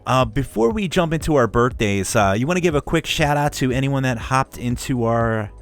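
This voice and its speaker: Animated male radio host. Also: mid-range voice, moderate pace, soft background music. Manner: animated, jokey, laughs often. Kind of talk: casual radio chat.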